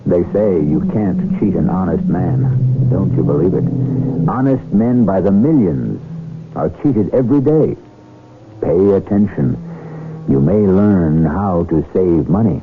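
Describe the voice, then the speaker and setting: A man hosting and narrating a radio mystery show in a measured, ominous way. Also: deep voice, animated, a little hiss or hum. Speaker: radio drama host. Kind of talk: scripted narration. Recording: tinny old radio broadcast with music.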